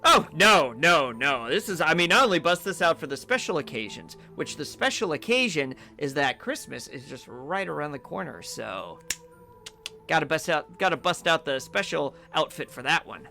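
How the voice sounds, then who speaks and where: A man's voice: a little high, big pitch swings, normal speed, vocal fry, bright, forceful tone, soft background music, full character voice. A man voicing a cheerful, festive elven snack-cart vendor who talks in a chatty, folksy way and calls people dearie. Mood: jolly, welcoming.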